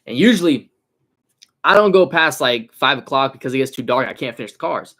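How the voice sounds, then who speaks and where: A young man in his twenties, speaking, hosts a casual livestream about his car detailing business. His voice sits at a plain, middle pitch. He talks in loose, slangy street talk, lively and animated as he spins stories for his viewers. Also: fairly quick. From San Francisco Bay Area.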